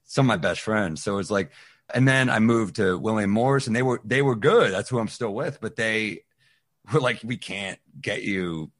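A man's voice: on the low side, normal speed. A man, a stand-up comedian, casually telling a story on a podcast and acting out the voices of the people in it. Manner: animated, acts out quoted voices.

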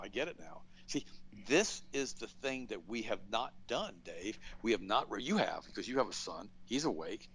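A middle-aged man hosting a talk show, speaking bluntly and emphatically, pitching up sharply for stress and acting out quotes in his stories. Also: husky, low-quality recording. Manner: emphatic, animated, blunt storytelling with acted-out quotes. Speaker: radio show host. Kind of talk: political commentary, conversational monologue.

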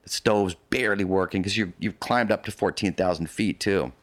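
A low-voiced man speaks at a moderate pace with no room sound. As an interview guest recounting a polar expedition, he tells a long story in casual conversation, rambling, restarting sentences often and adding vivid asides.

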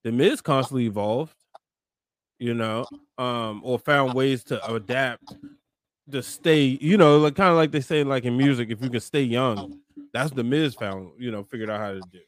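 A man's voice: medium pitch, normal speed, no echo. A man in his thirties co-hosting a podcast, talking loosely and agreeably with slang. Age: 30s. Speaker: podcast co-host. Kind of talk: casual wrestling chat.

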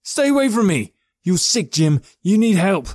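A man voicing a frightened, burly man who yells in panic in a dark storybook scene. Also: high-pitched, big pitch swings, moderate pace, no room sound, clean studio sound, voice pushed up. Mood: terrified. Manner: shouting in alarm.

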